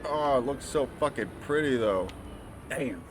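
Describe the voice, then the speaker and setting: A man with a nasal voice streaming a game, chatting casually with excitable, profane rambling. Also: medium pitch, measured pace, noisy background. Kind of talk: casual let's-play commentary.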